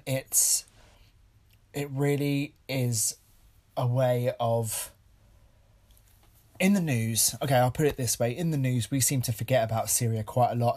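A man hosting a solo film podcast, speaking earnestly and haltingly with many fillers, audibly shaken and emotional. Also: mid-range voice, darkish tone. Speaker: podcast host.

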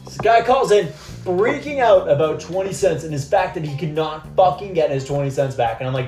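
A young man from Massachusetts co-hosting a casual podcast, rambling through a profane story and doing both voices of a phone call. His voice sits at an ordinary pitch. It sounds echoey, with faint music underneath. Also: animated, normal speed, a little mellow. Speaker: podcast co-host. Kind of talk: casual chat.

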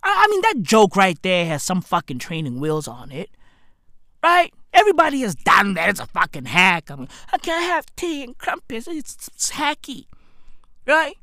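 A woman's voice: on the low side, wildly swooping pitch, normal speed, creaky, pushed and bright, dry recording, clean studio sound. A woman delivering a rambling, profane comedic rant as a podcast host. She uses a lot of slang and keeps tossing in "right?" as she goes. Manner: slangy, calls listeners "bruv".

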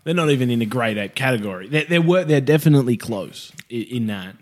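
Man, podcast co-host, crude jokes, quick banter. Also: medium pitch, animated. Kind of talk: casual chat.

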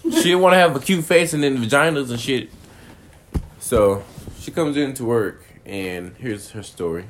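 Young man co-host, mid-range pitch, loose slangy delivery with plenty of swearing. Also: moderate pace, noisy background. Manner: slangy and profane. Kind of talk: casual chat.

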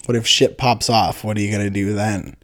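A man's voice: lowish voice, flat delivery, brisk. Guy in his 30s, meandering funny story, swears a lot, keeps restarting. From Niagara, Ontario, Canada. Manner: profane, meandering, many fillers and restarts. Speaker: comedian. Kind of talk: rambling comedic storytelling.

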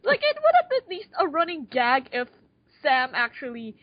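Young woman, blunt and profane, fairly high voice, dull lo-fi recording. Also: wildly swooping pitch, moderate pace, dry recording. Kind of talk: casual chat. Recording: dull lo-fi sound.

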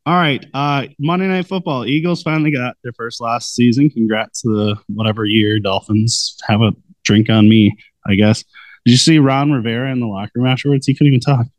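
A young man co-hosting a casual sports podcast, joking and getting animated when he quotes people. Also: mid-range voice, a little fast, no echo. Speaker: podcast co-host.

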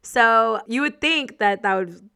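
A woman's voice: fairly high pitch, slow, gravelly, clean tone. A woman hosting a show, casually and expressively telling a personal story, with lots of fillers and frequent laughter. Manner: expressive, chatty, laughs often, many fillers. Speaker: host.

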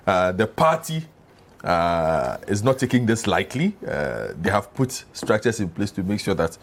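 A man's voice: fairly low pitch, sing-song, a little slow. A man hosting a political panel, pressing guests with pointed questions. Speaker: talk show host.

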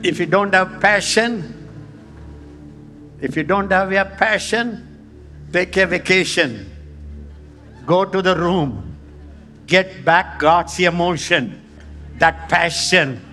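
A man with an Indian English accent preaching a sermon, emphatic and dramatic, swinging between loud and hushed. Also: slow, pauses often. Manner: emphatic, dramatic shifts in pitch and volume. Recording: long hall reverb with faint music.

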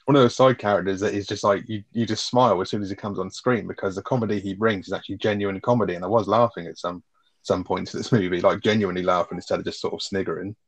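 A man's voice: low voice, steady tone, quick pace. Laid-back man reviewing a film. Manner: laid-back, swears often, laughs easily. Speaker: film podcast co-host. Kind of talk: casual film review chat.

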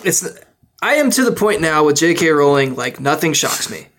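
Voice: medium pitch, very animated, normal speed, a bit bright, slight background noise. A podcast co-host chatting casually about a book, with stammers and laughs. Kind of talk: casual chat.

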